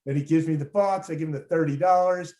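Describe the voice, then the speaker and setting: A man's voice: a little high, fast, mellow. A man from Los Angeles with a slightly raised voice tells a personal story as a show host, rambling loosely and circling back with fillers. His voice rings with a roomy echo. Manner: rambling, many fillers and restarts.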